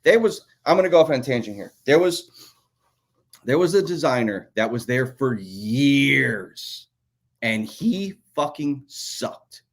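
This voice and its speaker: A man's voice: medium pitch, animated, measured pace. A man co-hosting a podcast, telling a profane, ranting story about his old design job. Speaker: podcast co-host, former toy designer. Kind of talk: casual podcast chat.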